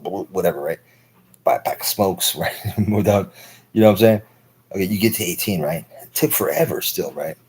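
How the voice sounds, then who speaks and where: Guy in his 30s rambling and swearing on stream, deep husky voice. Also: low-quality recording. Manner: profane, rambling, heavy use of filler words. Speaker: livestream host. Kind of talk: rambling monologue.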